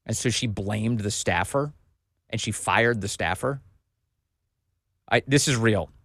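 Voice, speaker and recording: A man's voice: lowish voice, no room sound, studio quality. A man hosting a political commentary show, reading documents aloud with emphatic, sarcastic remarks and asides to viewers.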